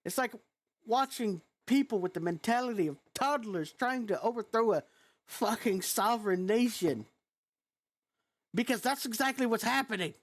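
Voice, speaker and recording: A woman's voice: fairly high pitch, lively intonation, moderate pace. A woman vlogger with a youthful-sounding voice, ranting in a frustrated, blunt and profane way. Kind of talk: angry reaction rant.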